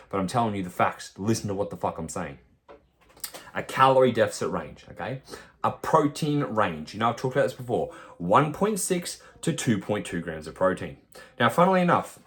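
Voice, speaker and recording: A man speaks as a fitness coach in a podcast monologue, forceful and lecturing. He swears freely and hammers his points home. His voice sits in a mid range. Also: mid-range voice.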